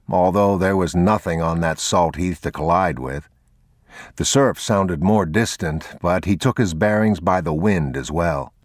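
A man narrating an audiobook in a measured, unhurried, even delivery. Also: low voice, dry recording, studio quality.

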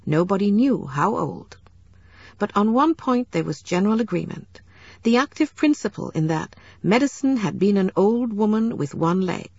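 Husky woman reading a novel aloud. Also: medium pitch, no echo. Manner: measured, steady storytelling. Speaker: narrator. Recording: dull lo-fi recording.

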